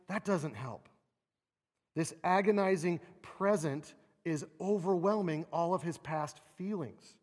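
A man delivers a sermon with an expressive, animated manner, slipping into quoted cries of lament. His voice sits fairly high for a man. It rings out with long reverb from a large hall. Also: a little slow. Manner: expressive, acts out quoted laments with rising pitch. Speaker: preacher.

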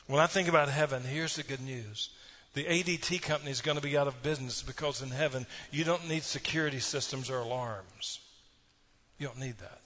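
In a brisk sermon, a pastor spins folksy stories and throws asides to his congregation. His mid-range voice comes across pushed and bright.

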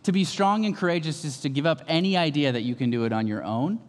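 A man delivers an emphatic, conversational sermon from the pulpit, his voice sitting a little higher than most men's. Long reverb from a large hall trails after each phrase. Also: fast talker. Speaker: pastor.

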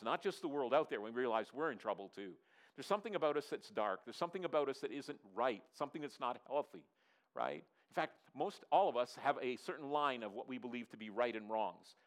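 A man, a pastor, preaching a sermon in an earnest, repetitive way, dropping his voice low for emphasis and asking the congregation to answer. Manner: asks the audience to respond.

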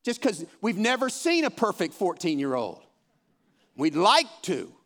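High-voiced man teaching Bible study. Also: wildly swooping pitch, unhurried, a bit bright. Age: 50s. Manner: encouraging, folksy, repeats himself. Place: room with a live audience, also streamed.

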